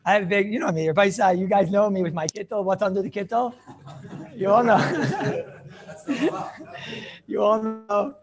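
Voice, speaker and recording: A man teaching a lively Torah class as a rabbi, playful and theatrical, mixing in Yiddish and Hebrew terms. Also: high voice, fast talker, echoey room.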